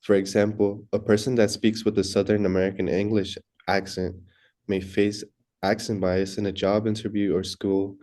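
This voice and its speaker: A man's voice: fairly low pitch, little pitch movement, normal speed, a little mellow. A young man reading a class presentation from a script, stumbling and restarting words now and then. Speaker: student presenter.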